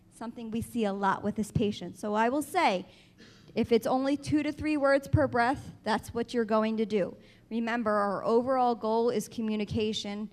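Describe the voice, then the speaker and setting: A woman speech-language pathologist giving a clear, explanatory conference presentation, stressing key advice to patients and caregivers. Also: on the high side.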